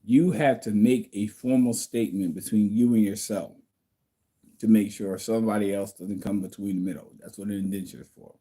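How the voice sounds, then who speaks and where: A man speaks in a low, mellow voice on a casual livestream, recorded at home. He reads out viewer comments and answers them bluntly, in a preachy tone. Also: fairly even intonation, a little fast, slightly rough.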